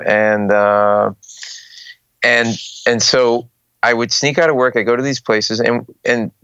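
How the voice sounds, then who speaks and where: A man's voice: on the low side, clean tone, no room sound. A middle-aged man from Rhode Island, a comedian telling stories in an interview and acting out the people in them. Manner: animated, acts out voices of people in his stories. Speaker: comedian guest. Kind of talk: casual storytelling interview. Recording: dull, slightly muffled podcast audio.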